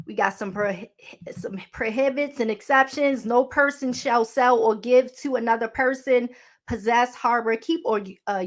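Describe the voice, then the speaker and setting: Baltimore woman host, fairly high voice, chatty and sassy, reads legal text and trips on words. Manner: chatty and sassy, calls listeners honey, stumbles over words. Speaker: podcast host. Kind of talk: casual commentary, reading a law aloud.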